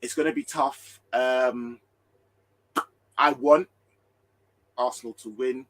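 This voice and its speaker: A man with a London accent, loud and excitable, co-hosting a casual football chat. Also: medium pitch, slow. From Northwest London. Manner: loud, excitable, mock-outraged. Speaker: co-host.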